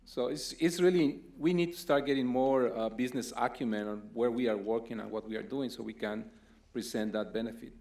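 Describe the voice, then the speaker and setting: A man's voice: medium pitch, brisk, a little mellow. Earnest male panel speaker. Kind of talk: conversational panel talk.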